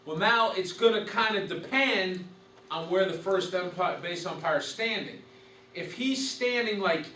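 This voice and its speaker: Teaching umpires in a chatty lecture, an instructor poses questions and goes back over the main points. He sounds high-pitched, pushed and bright, picked up by a distant mic in a roomy space with a faint hiss.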